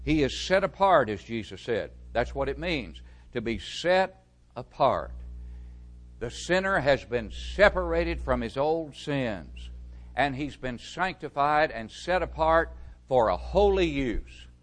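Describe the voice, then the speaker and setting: A man's voice: medium pitch, sing-song, slow. A man preaching a sermon, reading verses aloud and explaining them with strong stresses that drop away at phrase ends. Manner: emphatic, with rising stresses and falling, quieter phrase ends; reads scripture aloud, then explains it.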